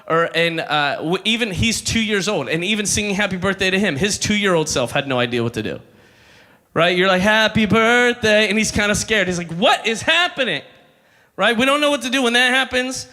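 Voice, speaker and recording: In a high-pitched, bright and forceful voice, a man in his thirties speaks a little fast as he gives a funny youth sermon. This youth ministry speaker jokes his way through stories and prompts the crowd to respond, all echoing with long hall reverb.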